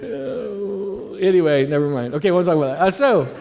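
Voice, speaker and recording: Speaking at normal speed with lively intonation, an American pastor in his forties rambles through a jokey sermon laden with fillers and asides. His voice sits high with a darkish tone and vocal fry, and the church hall adds long reverb.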